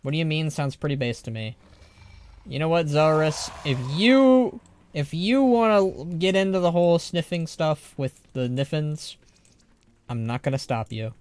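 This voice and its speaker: A man's voice: on the high side, animated, moderate pace, a little mellow, clean tone. A man streaming a game live, reading the text aloud with chatty, joking commentary.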